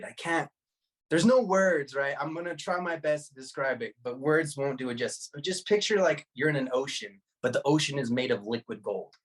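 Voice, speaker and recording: A man in his thirties, a podcast guest, telling a personal story in a laid-back, animated way with slang and frequent laughs. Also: medium pitch. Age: 30s.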